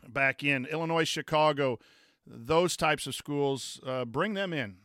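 A man's voice: on the high side, measured pace, a bit bright, dry recording, studio quality. A man, a former coach co-hosting a casual sports chat, rambling with many fillers and restarts. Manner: reads chat comments aloud. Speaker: podcast co-host, former coach.

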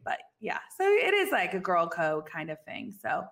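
A woman's voice: medium pitch, big pitch swings, normal speed, hardly any pauses, a bit bright. A woman co-hosting a podcast, chatting casually, laughing often and acting out the characters' lines. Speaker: podcast co-host. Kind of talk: casual recap chat.

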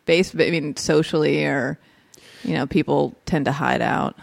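A woman hosting a casual podcast chat, relaxed, with short agreeing replies and easy laughs. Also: low-pitched, measured pace, creaky, no room sound, studio quality.

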